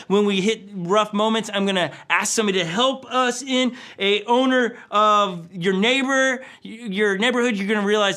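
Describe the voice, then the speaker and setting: A middle-aged man preaching a sermon as a pastor, talking in a lively, jokey way and often acting out quoted voices. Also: high-pitched, fairly quick, hardly any pauses. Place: church stage.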